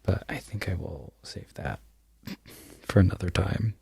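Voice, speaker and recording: A man talks in a whispered ASMR ramble, his voice breathy and husky as it drifts from one aside to the next. He often forgets where he was going and laughs quietly at himself. Under the whisper his tone sits low and gravelly. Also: lively intonation, unhurried, dry recording. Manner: rambling, loses his train of thought; self-deprecating, laughs softly at himself. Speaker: crochet content creator.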